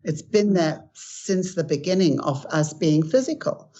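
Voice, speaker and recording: A woman's voice: deep voice, lively intonation, measured pace, dark tone. An older woman, a guest author, earnestly teaching about spiritual acceptance and telling stories in conversation. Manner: earnest, storytelling with acted quotes. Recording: dull lo-fi recording.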